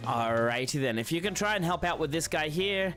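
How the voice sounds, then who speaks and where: A man's voice: a little high, lively intonation, a little fast, over music. A man streaming a game live, chatting casually in a friendly, encouraging way with lots of ums and restarts. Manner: friendly, encouraging, rambling with many fillers. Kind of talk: casual live-stream chat while playing.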